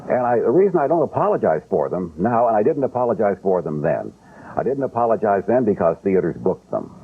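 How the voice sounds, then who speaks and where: A man's voice: lowish voice, big pitch swings, a little fast. A man being interviewed about his old films, telling stories in a wry, unapologetic way. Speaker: film director guest. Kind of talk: interview chat. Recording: tinny lo-fi broadcast sound, faint hiss.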